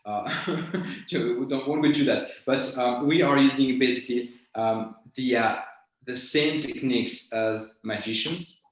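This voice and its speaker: A man, a guest mentalist in an interview, speaking in a halting way as he searches for words. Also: mid-range voice. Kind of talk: conversational interview. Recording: very echoey room.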